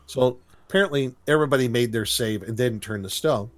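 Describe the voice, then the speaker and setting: A man's voice: mid-range voice, fairly quick, slight background noise. A man chatting casually on a podcast, retelling a cartoon episode with laughs and silly quoted voices. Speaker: podcast co-host recapping a cartoon. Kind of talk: casual chat.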